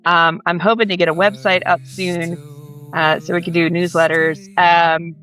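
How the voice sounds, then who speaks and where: A woman's voice: fairly low pitch, little pitch movement, moderate pace, fairly bright tone, faint music behind. A woman from the American South, a guest author in a casual podcast interview, talking bluntly with lots of laughter and a mostly toned-down Southern accent. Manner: chatty, blunt, laughs often. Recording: dull, slightly lo-fi audio.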